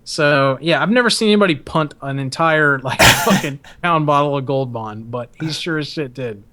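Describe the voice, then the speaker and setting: A man's voice: on the high side, normal speed, pushed and bright. A young man hosting a podcast and telling a story in a casual, profane, rambling way, often laughing. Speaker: podcast host.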